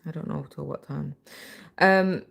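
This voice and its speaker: A woman's voice: sits low, a little slow, vocal fry. A tired woman hosting a live stream, chatting casually and rambling while she stitches, her voice turning scratchy. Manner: chatty, rambling, many fillers. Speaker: livestream host.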